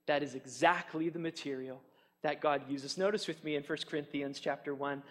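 A man preaching a sermon, animated and chatty, acting out taunts with fillers and restarts. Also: on the high side, normal speed, big-room sound. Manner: animated, mocks enemies' taunts in a raised voice. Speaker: pastor.

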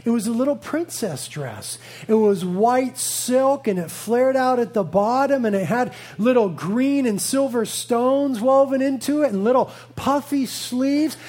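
A man's voice: very high-pitched, animated, a little slow, few pauses, a little mellow. A man in his thirties, a pastor preaching a sermon, telling a family story with playful asides and earnest conviction.

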